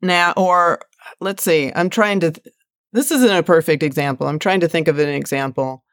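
A woman hosting a podcast, talking in a relaxed, conversational way and thinking aloud through examples as she steers the topic. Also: low-pitched, moderate pace, no echo, studio quality.

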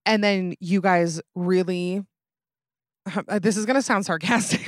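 A young adult woman, hosting a casual solo podcast in a chatty, animated way with frequent asides. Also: on the low side, measured pace, dry recording, clean studio sound. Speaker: podcast host.

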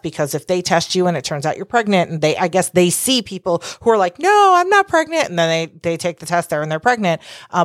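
A woman's voice: lowish voice, dry recording, studio quality. A woman hosting her own podcast, talking casually and candidly on her own, swearing freely and rambling through asides. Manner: candid, profane, rambling with asides and acted-out quotes. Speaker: podcast host. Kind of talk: casual solo podcast monologue.

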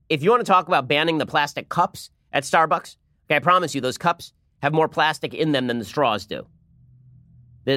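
Rapid-fire sarcastic male commentator. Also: mid-range voice, pushed and bright, no echo, studio quality. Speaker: political commentary host. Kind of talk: opinionated political commentary.

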